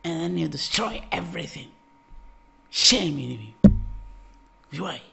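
Gravelly-voiced man, halting English. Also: a little high, animated, sharp tone, faint music behind. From Algeria. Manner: halting, restarting words, often laughing. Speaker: reaction video host. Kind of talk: casual reaction vlog.

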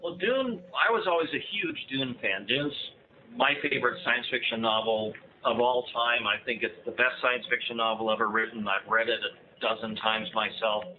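A man's voice: mid-range voice, moderate pace. An American man in his fifties speaks as a guest author in a casual interview. He is enthusiastic and rambling, and he often restarts his phrases. His voice comes through a thin, phone-like line with faint hiss. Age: 50s. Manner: enthusiastic, chatty, many restarts. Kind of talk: casual interview over a call.

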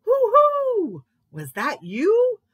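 A woman's voice: extremely high pitch, huge pitch swings, very slow, dry recording, pitched above the performer's own voice, full character voice. A woman voicing a fussy owl who hoots through her lines in a children's story. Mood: hooting. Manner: hooting.

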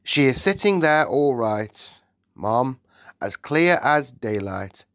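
A man's voice: mid-range voice, animated, slow, a bit bright, no room sound, clean studio sound, pitched above the performer's own voice. Man doing a flustered, deferential maid. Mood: anxious. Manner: anxious, deferential. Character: flustered royal maid, middle-aged woman.

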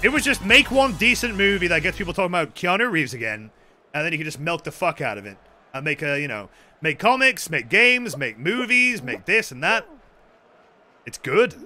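A young man with a high, bright voice rambles about games while he plays, jumping up and down in pitch. He breaks into sudden excited shouts and swears freely, with faint music playing behind him. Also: normal speed. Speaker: game streamer. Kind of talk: casual chat while gaming.

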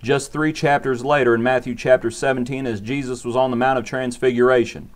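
A man's voice: medium pitch, fairly even intonation, a little fast. Earnest man giving a short sermon. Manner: earnest, repetitive preaching cadence. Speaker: preacher.

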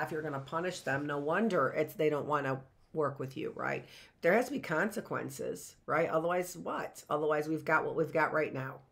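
A middle-aged woman with a lowish voice gives a live history lesson, reading from her notes and drifting into chatty asides and rhetorical questions.

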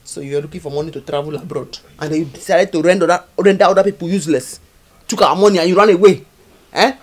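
An actress playing a loud, hot-tempered village tailor who speaks Nigerian English with a husky voice. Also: female voice, fairly low pitch, fast talker, natural voice. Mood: furious. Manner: angry, confrontational, exclamatory.

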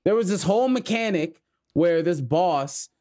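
A man on a podcast tells a rambling, self-deprecating story with some casual swearing. His voice sits a little higher than most men's. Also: animated, unhurried, warm tone. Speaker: podcast co-host. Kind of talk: casual chat.

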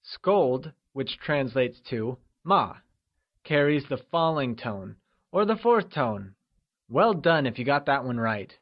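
A man narrating a scripted language lesson, upbeat and encouraging, drawing out modeled syllables slowly. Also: medium pitch, lively intonation, dull audio. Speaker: language teacher.

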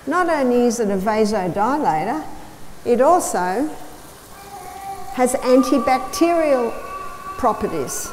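Casting: higher-pitched woman lecturer, storytelling with repeated phrases, long hall echo. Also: a little mellow. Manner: storytelling, emphatic repetition. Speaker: health lecturer. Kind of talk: health lecture to an audience. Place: large hall or church. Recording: reverberant hall with faint noise.

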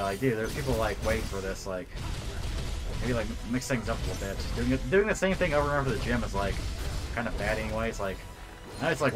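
A young man co-hosting a casual chat, rambling with lots of fillers and swearing freely. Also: mid-range voice. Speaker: co-host.

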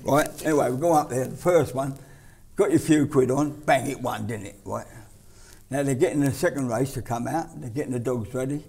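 A man's voice: medium pitch, brisk, vocal fry, darkish tone, husky. A man from England chatting and recounting a racing story, often chiming in. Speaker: guest storyteller. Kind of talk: casual anecdote telling.

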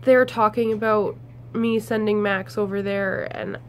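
A woman's voice: mid-range voice, fairly even intonation, a little hiss or hum. A young woman talking straight to her viewers in a personal vlog, crying as she speaks and stopping and restarting her sentences. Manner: halting, tearful, many restarts. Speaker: vlogger.

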